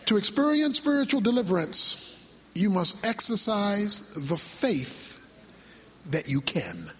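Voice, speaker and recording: A male preacher delivering a sermon, building to shouts and sung lines. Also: high voice, sing-song, takes it slowly, in a large hall. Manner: whooping, shouts and sings lines.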